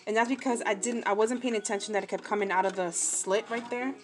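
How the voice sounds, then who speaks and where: A New Jersey woman in her forties talks fast in a medium-pitched, steady voice while sewing for her crafting vlog. She chats casually and pokes fun at herself, drifting into side stories over background music.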